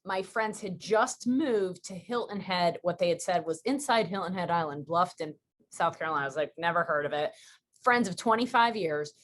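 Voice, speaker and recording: A woman from Western New York hosting a podcast, chatting casually and telling stories with quick, rambling asides. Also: lowish voice, animated. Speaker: podcast host. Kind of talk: casual interview chat.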